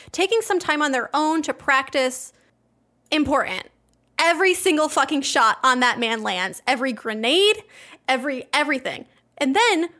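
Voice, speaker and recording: A woman co-hosting a podcast in casual chat, joking in a sarcastic, crude, deadpan way. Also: high voice. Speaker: podcast co-host.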